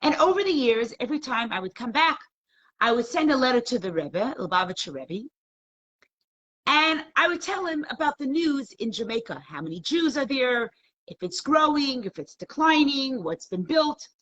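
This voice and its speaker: A middle-aged woman leads a live online class over her computer mic. Her husky voice swings up and down in pitch as she tells a story. She turns emotional and keeps pressing the viewers with questions. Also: big pitch swings, normal speed, fairly bright tone, muffled recording. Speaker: Torah class teacher.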